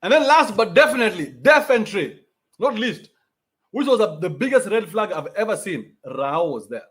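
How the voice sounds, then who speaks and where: A Kenyan man rants on his podcast in a high voice that bounces all over the place. He mocks freely, swears often and slides between street slang and English. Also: moderate pace. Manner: animated, mocking, swears freely, mixes Sheng with English. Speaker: podcast host. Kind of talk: ranting commentary.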